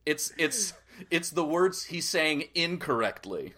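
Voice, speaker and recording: A man's voice: on the high side, sing-song, slow pace, bright, forceful tone. A man co-hosting a comedy podcast, trading jokes in a mock-serious tone. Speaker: podcast co-host. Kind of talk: casual comedic chat.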